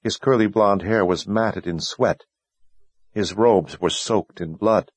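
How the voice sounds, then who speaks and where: Male narrator, husky and fairly low, dry booth sound, steady measured read. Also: no echo. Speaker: audiobook narrator. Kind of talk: scripted narration.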